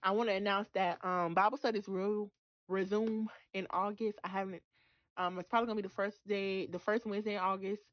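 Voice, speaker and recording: A woman's voice: mid-range voice, fairly even intonation, fairly quick, no room sound, lo-fi sound. A woman hosting a faith podcast, speaking emphatically and calling her listeners "baby" and "y'all". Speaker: podcast host.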